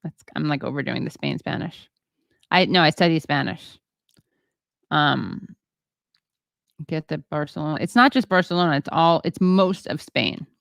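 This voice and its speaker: A woman hosting a livestream, reading viewer comments in a rambling, halting way with many fillers and self-deprecating asides. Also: sits low, expressive, vocal fry, a bit bright, no room sound, clean studio sound. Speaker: show host.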